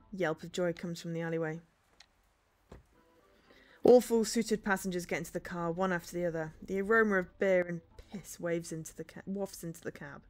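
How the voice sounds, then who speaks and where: Low-voiced woman reading a story game. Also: fairly even intonation, brisk, soft background music. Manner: dry, sarcastic asides. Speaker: game streamer.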